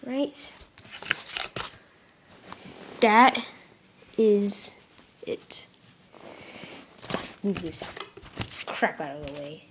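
A young woman talks her way through opening a product case in a casual, rambling voice, now and then dropping to a mutter or a whisper. Her pitch sits mid-range, and a faint hiss with some clicks runs behind her. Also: animated, drawn-out words, long pauses, fairly bright tone. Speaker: product unboxing vlogger. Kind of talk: casual unboxing commentary.

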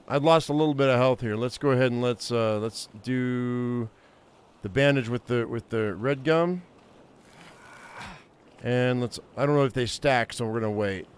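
A man's voice: medium pitch, moderate pace, smooth. A man hosting a gaming channel, talking to himself through a survival game in a casual way and getting easily frustrated and swearing. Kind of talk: casual gameplay commentary.

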